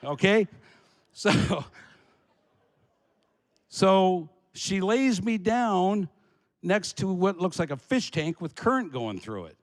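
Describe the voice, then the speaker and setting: A man from Alaska telling a comic story about himself, animated and laughing as he goes. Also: sits high, takes it slowly, pauses often, big-room sound.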